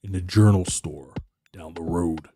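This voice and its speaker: A man's voice: low-pitched, fairly even intonation, a little slow, noisy background. A man acting as game master, narrating a tabletop game in a casual, descriptive way.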